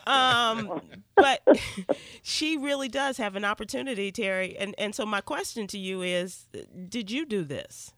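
A woman's voice: medium pitch, measured pace, bright, forceful tone, no room sound. A woman co-hosting a radio show, chatty and enthusiastic, laughing often as she interviews a guest. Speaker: radio co-host.

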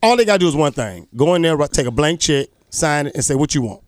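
A comedian telling funny stories on a morning radio show, acting out the people in them and laughing often. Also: male voice, a little high, fast talker, no room sound, studio quality. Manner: animated storytelling, laughing, acting out quotes. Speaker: comedian guest. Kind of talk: casual radio chat. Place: radio studio. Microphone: studio microphone.

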